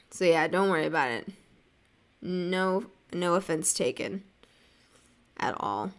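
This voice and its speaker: This art streamer, a young woman from the United States, chats while she draws, reading viewers' messages aloud and rambling with lots of "like" and small laughs. She speaks slowly with long pauses, in a fairly low, expressive voice.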